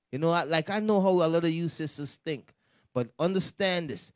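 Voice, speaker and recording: A man leading a street-style Bible lesson in slangy, animated talk, acting out the voices of the people in the text. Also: high-pitched, brisk, no echo, studio quality. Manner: slangy, animated, acts out quoted speech. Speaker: Bible study teacher.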